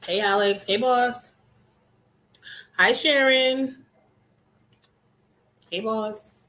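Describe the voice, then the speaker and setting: A woman hosting a hair care class on a live stream, chatting casually and greeting each viewer by name with relaxed slang, speaking from an indoor room. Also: on the high side, very slow, pauses often, rough recording. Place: indoor room with air conditioning.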